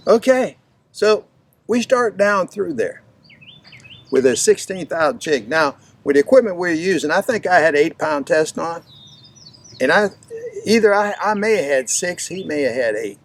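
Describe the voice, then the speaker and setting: Folksy man telling a fishing story. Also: on the high side. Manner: folksy, animated anecdote-telling. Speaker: fishing instructor. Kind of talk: storytelling lesson.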